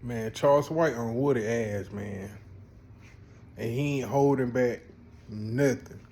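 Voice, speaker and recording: A man introducing a video as the channel host, in a casual, low-key way. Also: slow, a little mellow, a little hiss or hum.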